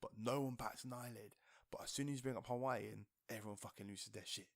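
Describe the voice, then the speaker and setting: Gravelly man arguing hard. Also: mid-range voice, fairly even intonation, fast, no echo, studio quality. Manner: swears often, repeats himself, insistent. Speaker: podcast co-host. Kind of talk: heated casual argument.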